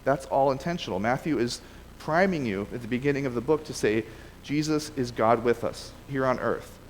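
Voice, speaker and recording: A man's voice: medium pitch, moderate pace, big-room sound, slight background noise, poor audio. A man preaching a casual sermon and reading scripture aloud, talking conversationally with frequent restarts and self-corrections. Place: church sanctuary.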